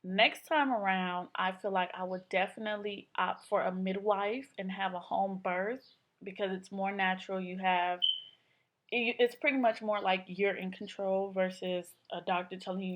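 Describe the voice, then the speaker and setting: A woman's voice: mid-range voice, fairly even intonation, moderate pace, fairly bright tone. A young woman vlogging casually, telling a personal story in a chatty way, full of "like" and acted-out quotes. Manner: chatty, filler-heavy, acts out quotes.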